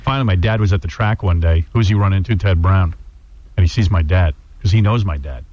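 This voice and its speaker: A man hosting a radio talk show, telling a story in a wry, animated way. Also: sits low, a little fast, highs cut off. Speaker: radio host. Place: radio studio.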